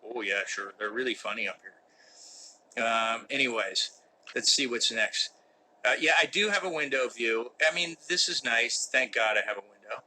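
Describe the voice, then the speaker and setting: A man's voice: mid-range voice, moderate pace, bright, forceful tone, slight background noise, poor audio. A middle-aged man chatting live from a room, reading fan questions aloud and answering with mock-serious jokes. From United States. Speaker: actor hosting a live Q&A. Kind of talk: casual live-stream chat. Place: indoor room with a window that does not open.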